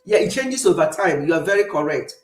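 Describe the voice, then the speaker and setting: A woman's voice: fairly low pitch, animated, a little fast, faint music behind. Middle-aged Nigerian woman with an Igbo accent, emphatic, chatty host, echoey room. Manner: chatty, emphatic, laughs often. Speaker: livestream host. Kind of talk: casual chat with live viewers. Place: home in the UK.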